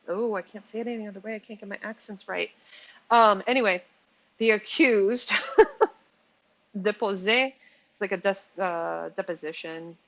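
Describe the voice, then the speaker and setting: A woman's voice: medium pitch, fairly bright tone, low-quality recording. A woman in her forties giving a casual commentary vlog, chatty and exasperated, often laughing and correcting herself as she stumbles over words. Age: 40s. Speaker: commentary channel host.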